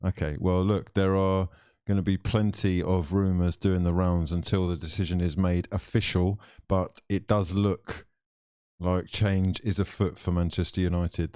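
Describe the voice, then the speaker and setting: A man hosting a live football discussion, teasing his guests and reading out viewer comments in a relaxed, easygoing way. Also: sits low, measured pace, clean tone, no room sound, clean studio sound. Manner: laid-back, teasing, reads viewer comments aloud. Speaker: podcast host. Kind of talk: casual live football chat.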